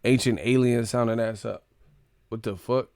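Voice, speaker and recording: A man's voice: medium pitch, fairly even intonation, moderate pace, a little mellow, no echo, clean studio sound. A man hosting a live stream, casually reacting to chat with profane, mocking commentary.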